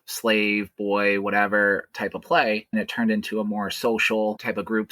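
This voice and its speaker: A man's voice: fairly low pitch, bright, forceful tone, dry recording. A man, a podcast guest, talking earnestly and explaining at length in casual conversation.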